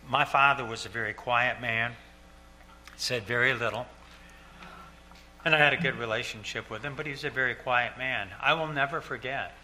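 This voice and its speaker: Older man, pastor, sermon from a pulpit, very bright voice, earnest, repeats lines for emphasis, faint hum behind. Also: mid-range voice. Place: church sanctuary.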